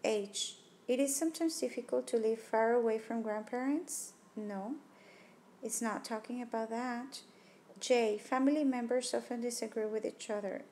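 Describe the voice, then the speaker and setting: A woman's voice: fairly high pitch, darkish tone, a little hiss or hum. A woman teacher talking through test questions, reasoning aloud about each answer choice and ruling them out one by one. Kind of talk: test-prep walkthrough lesson. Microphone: tablet microphone.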